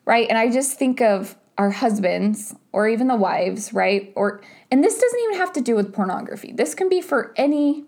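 A woman's voice: fairly high pitch, expressive, normal speed, hardly any pauses, a little mellow. A woman co-hosting a casual couples podcast, talking animatedly and filling her sentences with "like" and "right?". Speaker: podcast co-host.

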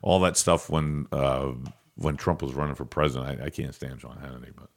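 A man's voice: extremely low pitch, fairly quick, vocal fry. A man co-hosting a local news podcast, chatting casually and joking around with his co-host. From United States. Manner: joking, quotes movie lines, laughs often. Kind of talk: casual banter.

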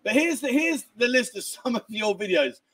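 A man's voice: very high voice, lively intonation, moderate pace, fairly bright tone. A middle-aged man hosting a casual livestream, bantering and laughing as he reads viewer comments, tired from lack of sleep. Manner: cheeky, banters and laughs while reading comments. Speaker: livestream host.

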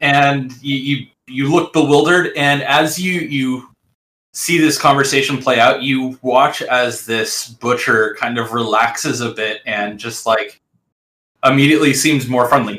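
Man, game master, tabletop narration, bright tone, echoey room. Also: mid-range voice. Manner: descriptive, halting with fillers. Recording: roomy echo.

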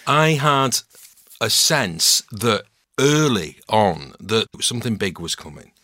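A middle-aged man with a Mancunian accent, telling stories as a podcast guest in a relaxed, self-mocking way. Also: fairly low pitch, slow, no echo, clean studio sound. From Manchester, England. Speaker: guest actor and voice-over artist. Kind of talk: casual podcast chat.

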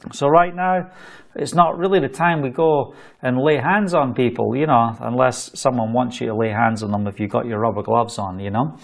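A Scottish man preaching a sermon, exhorting listeners fervently with jokey asides. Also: medium pitch.

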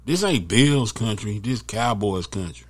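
Laid-back slangy man, low voice. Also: lively intonation, a little slow. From Texas. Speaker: podcast producer and co-host. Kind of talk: casual sports podcast chat.

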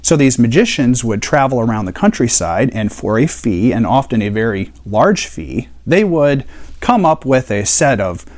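A man's voice: medium pitch, very animated, moderate pace, darkish tone. A man teaching a Bible study in a conversational way, explaining and asking rhetorical questions.

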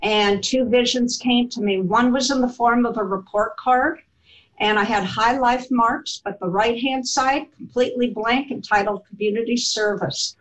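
A woman telling a personal story in an interview, animated and laughing as she goes. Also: on the high side, moderate pace, rough recording. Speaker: guest telling her life story.

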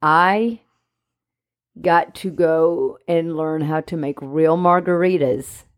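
A woman co-hosting a casual podcast chat, animated and jokey. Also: low voice, slow pace. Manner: animated, jokey, speaks for the dog in mock voices. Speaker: podcast co-host, dog trainer.

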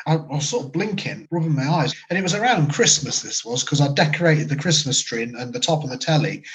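A man's voice: fairly high pitch, animated, quick pace, fairly bright tone, poor audio. A man, a medium and paranormal investigator, telling his story in a casual, rambling way during an interview. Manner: casual, rambling, full of "sort of" and "like".

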